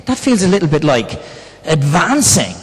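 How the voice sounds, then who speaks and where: A man's voice: on the high side, sing-song, normal speed. A man preaching a sermon in a conversational way, often asking the congregation questions. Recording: long reverb in a church hall.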